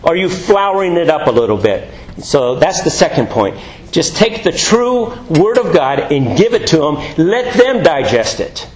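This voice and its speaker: Animated, slightly high-voiced male preacher. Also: moderate pace, echoey room, slight background noise, rough recording. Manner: animated, jokey storytelling with acted-out voices. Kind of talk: sermon.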